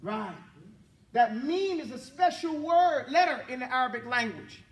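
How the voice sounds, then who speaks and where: A man's voice: very high voice, expressive, recorded from a distance, noisy background. A man teaching a Quran class, correcting pronunciation and having students repeat sounds after him again and again. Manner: corrective, repeats drills and models sounds slowly. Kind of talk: classroom recitation and pronunciation drill. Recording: echoey classroom from afar with class audible.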